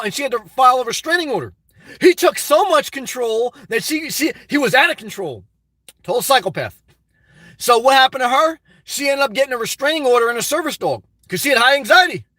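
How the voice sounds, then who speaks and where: A man hosting a livestream, reading chat and rambling in a crude, excitable, off-the-cuff way from inside his car. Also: extremely high pitch, dry recording.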